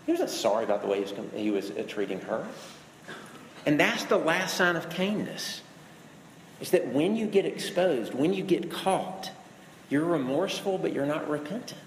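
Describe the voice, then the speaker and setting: A man's voice: a little high, sing-song, normal speed, a little hiss or hum. A man preaching a sermon, speaking earnestly and addressing his listeners directly with shifting emphasis. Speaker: pastor. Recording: echoey hall with long reverb.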